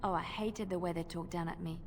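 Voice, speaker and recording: An actress voicing a devout, earnest young woman in a video game, talking in a reflective, quietly defiant way. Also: lowish voice, steady tone, a little fast, in a large hall, soft background music, close to an everyday voice.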